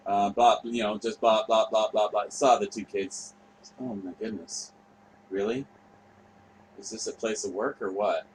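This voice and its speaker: A man's voice: on the low side, fairly even intonation, unhurried, long pauses, slight background noise, rough recording. A man, hosting a casual online tour and rambling through a profane story with mumbled asides. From Canada. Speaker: host. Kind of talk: casual chat while touring by map screen.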